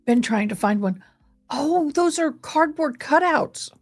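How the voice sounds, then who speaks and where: A woman with a fairly high voice hosts a casual live stream, chatting away about a game. She gushes affectionately over little details. Soft music plays faintly behind her. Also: animated, slow. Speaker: live streamer hosting a fundraiser.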